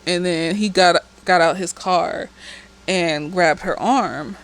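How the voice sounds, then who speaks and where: A woman's voice: on the low side, slow, low-quality recording. Slightly tipsy woman, blunt chatty recap. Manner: profane, blunt, chatty with laughs and asides. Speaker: therapist reviewing a TV episode. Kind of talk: casual recap chat.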